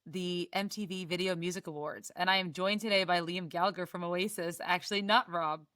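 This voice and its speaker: A woman's voice: fairly low pitch, steady tone, brisk, fairly bright tone, no echo, clean studio sound. A woman co-hosting a podcast who chats casually and plays along with her co-host's jokes in an upbeat way. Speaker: podcast co-host. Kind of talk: casual chat.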